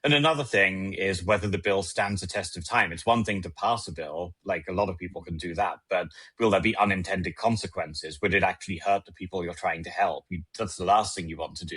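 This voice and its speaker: Husky low-voiced British man. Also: a bit bright. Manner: articulate, measured, explanatory. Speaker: legislative attorney, guest. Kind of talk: podcast interview.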